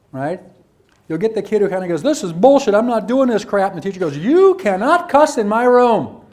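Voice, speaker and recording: Male trainer, high voice, lecturing teachers with animated role-play asides. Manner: animated, acts out teachers and students, rhetorical questions. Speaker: presenter at a teacher training workshop. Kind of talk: lecture to educators.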